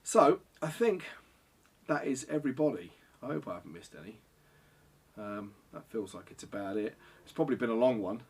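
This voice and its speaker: A man's voice: on the low side, slight background noise. A middle-aged man answering viewer questions in a casual, rambling vlog, sweary and self-deprecating. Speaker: photographer and vlogger.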